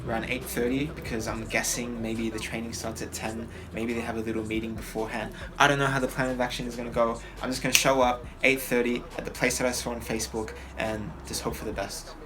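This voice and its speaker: Young man vlogging in a roomy hotel room. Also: mid-range voice. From Australia. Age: 20s. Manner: thinking aloud, chatty and hopeful. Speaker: footballer vlogger. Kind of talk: casual vlog talk to camera. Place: hotel room at night, indoors. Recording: roomy, distant camera audio with music.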